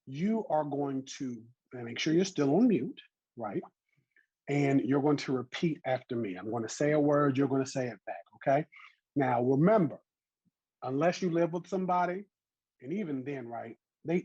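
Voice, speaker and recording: A man's voice: on the high side, a little mellow, breathy edge, no room sound, dull audio. A man in his thirties with a Southern US accent, teaching an online botany class in a chatty, encouraging way over a video call. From American South.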